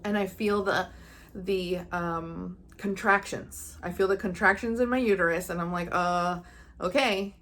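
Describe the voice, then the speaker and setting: A woman's voice: on the low side, fairly even intonation, a little slow, a bit bright. A young woman, a psychic medium, earnestly telling a personal story to her viewers and acting out her own thoughts with feeling. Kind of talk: casual personal storytelling to camera.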